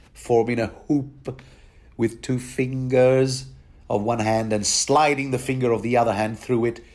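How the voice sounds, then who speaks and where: A man talking through a book chapter in a loose, rambling commentary. He restarts his sentences often, chuckles at his own asides and keeps a chatty, informal flow at a middling pitch. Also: a little mellow. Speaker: podcast host reading and commenting on a book.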